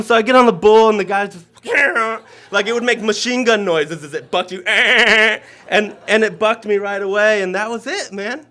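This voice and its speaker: A man's voice: high voice, sharp tone. A man telling a story on stage at a live story slam, casual and profane, rambling with fillers.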